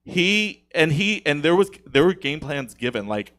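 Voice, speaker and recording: A man's voice: a little high, big pitch swings, measured pace, a bit bright. A man as a guest on a podcast, telling a long, indignant story in casual studio chat, with many restarts.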